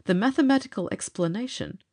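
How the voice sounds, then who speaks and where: A woman voicing a steady young male pilot and inventor, talking in a lowered, matter-of-fact way. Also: a little fast. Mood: explaining.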